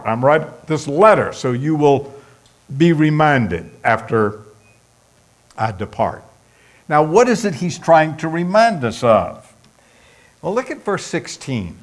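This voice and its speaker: A man's voice: on the high side, very animated, takes it slowly. A man preaching a sermon, emphatic and repetitive, speeding up as he lists points. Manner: emphatic, repeats points for stress, speeds up when listing. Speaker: pastor.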